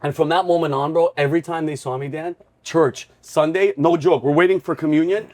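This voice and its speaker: A fairly high-voiced man hosts a comedy talk show and tells stories with big, excitable energy. He slips into shouted bursts whenever he acts out a yelling drill instructor. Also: a little fast. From New York. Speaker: podcast host and comedian. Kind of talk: animated comedic storytelling.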